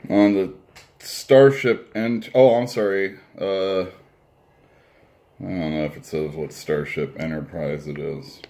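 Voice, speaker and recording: Rambling low-voiced man reviewing offhand. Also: a little mellow. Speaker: comic shop owner reviewing food and comics. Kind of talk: casual review while eating.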